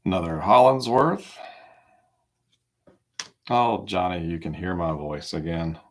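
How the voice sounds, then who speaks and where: A man with a low voice runs a live trading card break, announcing every card at a slow, easygoing pace and dropping in little side comments.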